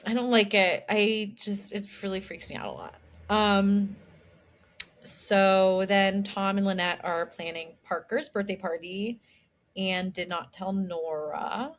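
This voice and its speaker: A young woman co-hosting a podcast, chatting loosely about a TV show and filling her talk with "like". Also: mid-range voice. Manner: chatty, full of "like" and quick restarts. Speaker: podcast co-host. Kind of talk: casual chat recapping a TV show.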